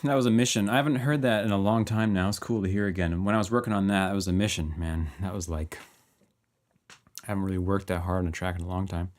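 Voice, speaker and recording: A man who composes and teaches music, chatting casually about his own track in a rambling, animated way. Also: low-pitched, fast. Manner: rambling and animated, chuckling between thoughts.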